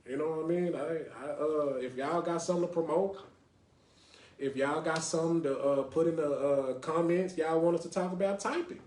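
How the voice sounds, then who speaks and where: He's a podcast host from Lake Highlands, North Dallas, Texas, with a higher-side, darkish voice and a moderate pace, recorded in a roomy space. His casual show takes call-ins, and he frequently says "you know what I mean."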